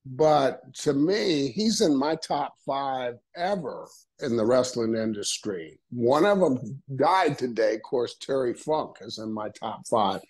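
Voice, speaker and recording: A man, a retired wrestler telling animated stories in an interview, acting out voices and laughing often. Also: mid-range voice, slow, slightly rough, poor audio. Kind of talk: storytelling interview.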